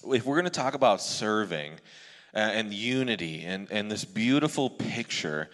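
Low-voiced man preaching in a reverberant hall. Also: lively intonation, normal speed, a bit bright. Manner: candid, conversational preaching with frequent restarts. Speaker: pastor. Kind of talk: sermon.

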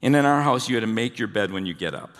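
A man's voice: lowish voice, animated, fast talker, a bit bright. Man preaching a conversational sermon in a hall. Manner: conversational, asks the congregation questions. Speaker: pastor. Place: church hall. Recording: long hall reverb.

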